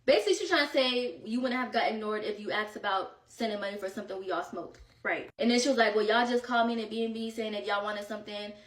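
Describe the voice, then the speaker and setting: A woman's voice: mid-range voice, quick pace, few pauses, echoey room, recorded from a distance. A woman telling a vacation drama story in a casual storytime, slangy and exasperated, a bit out of breath. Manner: animated, slangy, exasperated retelling.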